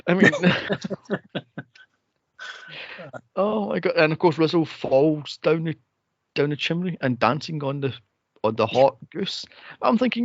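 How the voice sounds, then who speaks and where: A man co-hosting a podcast, chatting casually about a movie, laughing and acting out scenes in high, silly voices. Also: takes it slowly, creaky, pauses often, no echo, muffled recording. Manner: laughing, animated retelling with squeaky impressions. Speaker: podcast co-host. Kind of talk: casual movie-review chat.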